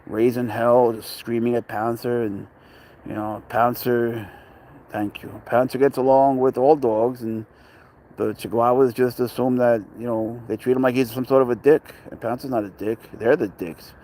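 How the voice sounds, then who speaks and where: A man's voice: mid-range voice, fairly even intonation, moderate pace, dark tone. A man chatting casually outdoors at a dog park, joking, talking to his cat and greeting viewers by name. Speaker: pet owner vlogger. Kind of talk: casual rambling chat.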